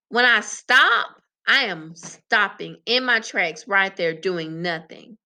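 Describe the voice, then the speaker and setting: A woman teacher giving a slow, sing-song vocabulary lesson to young children. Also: medium pitch, sharp tone.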